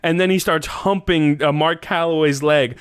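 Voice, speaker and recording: A man hosting a podcast, telling a long story in casual, profane chat and jumping into high voices when he quotes people. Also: fairly even intonation, moderate pace, clear, resonant tone, dry recording, studio quality. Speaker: podcast host.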